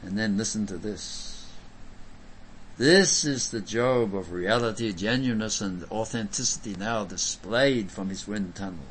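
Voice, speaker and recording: A male preacher giving an emphatic sermon, swinging from loud bursts to soft, low lines. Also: unhurried, a little hiss or hum, poor audio.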